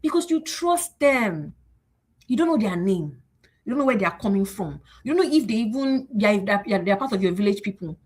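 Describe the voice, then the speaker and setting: A woman hosts a motivational livestream talk. Her voice is husky, and she rallies the listeners with repeated phrases and little acted-out exchanges. She sits at a middling pitch for a woman. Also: brisk. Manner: animated, repetitive and rallying, acting out exchanges in higher voices. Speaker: host.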